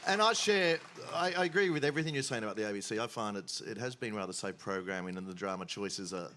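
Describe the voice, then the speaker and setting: A man interviewing a guest in an onstage conversation, asking measured questions with some restarts. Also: lowish voice, pushed and bright. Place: festival stage.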